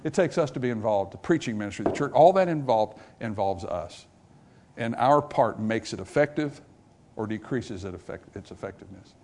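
A man's voice: animated, normal speed, a little hiss or hum. Man preaching with big dynamic swings. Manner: dramatic, swings from loud and rising to low and quiet; acts out small dialogues between characters. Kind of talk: revival sermon. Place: church before a congregation.

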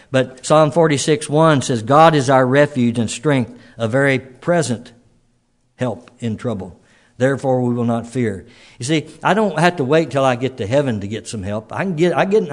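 Male preacher, folksy conversational sermon, homely restarts and quiet asides. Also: mid-range voice.

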